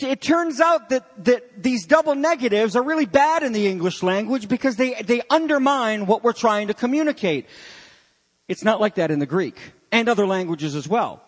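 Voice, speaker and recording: A man preaching with a high, lively voice, mixing jokes into his sermon. His voice carries a long hall reverb, as from a church sanctuary. He works to keep the congregation following along. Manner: animated, jokey preacher. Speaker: pastor.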